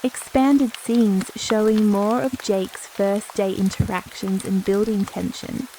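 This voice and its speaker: A woman narrating a spicy romance sleep story in a calm, even reading voice. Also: medium pitch, takes it slowly, a little hiss or hum, low-quality recording.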